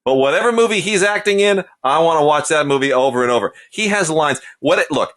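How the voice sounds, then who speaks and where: A man's voice: a little high, expressive, a little fast, fairly bright tone. A man in his forties co-hosting a podcast, giving casual, opinionated film reviews with emphatic delivery. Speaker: podcast co-host.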